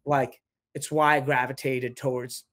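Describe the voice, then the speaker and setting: A young man chatting casually as a podcast guest, telling lively stories and acting out quotes from others. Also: medium pitch, measured pace. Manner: animated storyteller, quotes others in lively voices. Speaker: podcast guest, reality show contestant. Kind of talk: casual chat.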